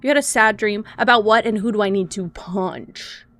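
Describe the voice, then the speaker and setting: A woman's voice: medium pitch, normal speed, a bit bright, dry recording. A young woman streaming a video game, chatting casually with her viewers, laughing often and swearing freely.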